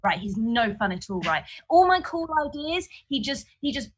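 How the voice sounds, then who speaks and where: A woman doing a frank, ranting stand-up set from her flat. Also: a little high, moderate pace, low-quality recording. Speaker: stand-up comedian. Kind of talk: stand-up set streamed from home. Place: flat, indoors.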